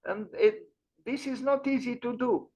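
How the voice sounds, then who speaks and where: A man hosting an online architecture lecture, pausing often with fillers and restarts. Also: very high-pitched, darkish tone, breathy edge. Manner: hesitant, many fillers and restarts. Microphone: video call. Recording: dull lo-fi online audio.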